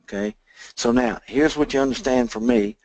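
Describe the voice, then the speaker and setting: A man's voice: medium pitch, normal speed, a little mellow, dry recording, rough recording. A man giving sales training, talking straight to his listeners and often checking in with "okay?". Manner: acts out both sides of sales conversations. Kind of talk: instructional training talk.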